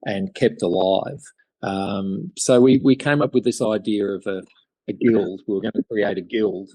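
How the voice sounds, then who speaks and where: A man's voice: on the low side, darkish tone, breathy edge, no echo. A middle-aged Australian man telling stories in a podcast interview, rambling with many fillers and restarts. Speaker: guest chairmaker.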